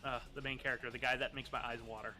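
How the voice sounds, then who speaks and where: A man's voice: mid-range voice, little pitch movement, rapid-fire, bright, forceful tone, faint music behind. A man chatting casually as a stream co-host, rambling, swearing and laughing a lot.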